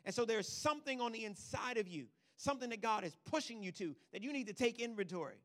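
A male pastor preaching a sermon, swinging from quiet asides to loud, emphatic declarations and checking in with the congregation. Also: very high-pitched, lively intonation, fast, hardly any pauses, in a large hall.

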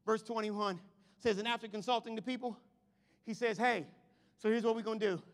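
A man preaching a sermon in a church, swinging from quiet talk to shouted praise. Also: high-pitched, steady tone, a little fast. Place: church hall. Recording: long hall reverb.

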